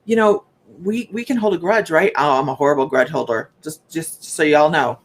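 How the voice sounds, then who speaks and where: A woman's voice: sits low, moderate pace. Chatty woman psychic on a livestream. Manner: rambling and chatty, restarts often, talks straight to viewers. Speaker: psychic medium. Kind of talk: live-streamed psychic reading and chat.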